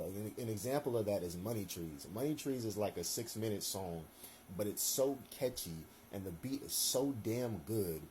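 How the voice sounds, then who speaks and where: Deep, mellow young man rambling casually. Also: slight background noise. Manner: rambling, loose, slangy, many fillers. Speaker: solo commentator. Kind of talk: casual opinion monologue.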